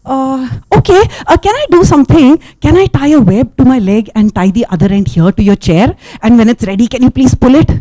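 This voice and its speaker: A woman's voice: high voice, lively intonation, fairly quick, few pauses, dark tone, dry recording, pitched above the performer's own voice. A woman voicing a hungry male spider trickster who begs the other animals politely for food. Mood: pleading. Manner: wheedling, polite begging.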